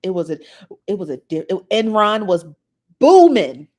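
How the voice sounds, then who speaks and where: A woman's voice: on the low side, brisk. A woman, chatting animatedly as a podcast co-host and laughing often. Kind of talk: casual chat.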